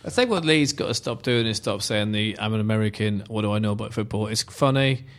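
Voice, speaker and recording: A man speaking bluntly and quickly on a casual football podcast. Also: on the low side. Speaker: podcast panelist.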